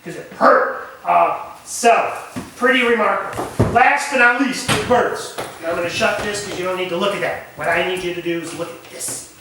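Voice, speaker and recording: A man teaching a camp nature lesson, animated and asking the group questions. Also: high-pitched, moderate pace, background noise. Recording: echoey room recorded from far off.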